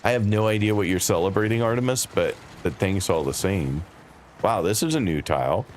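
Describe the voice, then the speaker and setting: A deep-voiced man streaming a video game and talking casually to his chat. His delivery is dry and wry. Faint noise sits under his voice. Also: expressive, brisk. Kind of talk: casual live-stream commentary.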